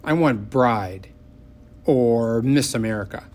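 A man voicing a suspicious, demanding little girl with a shrill, whiny voice in a storybook reading. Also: slow, a little mellow, natural voice.

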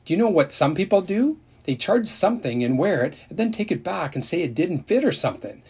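A man voicing a loud, whiny teenage girl who complains and bosses, with a husky, shrill delivery in a storybook reading. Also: very animated, a little fast, full character voice. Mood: scheming.

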